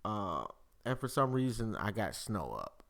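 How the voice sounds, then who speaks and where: This man hosts a live-streamed podcast, keeping things casual with plenty of cursing and frequent laughter. He speaks at a measured pace in a gravelly, fairly low voice, sounding animated and profane throughout.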